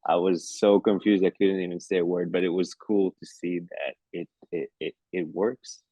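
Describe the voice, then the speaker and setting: Deep-voiced Israeli man, playful interview talk. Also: fairly even intonation, normal speed, dark tone, breathy edge, dry recording. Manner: playful, many fillers and restarts. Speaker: actor guest. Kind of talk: casual interview over video call.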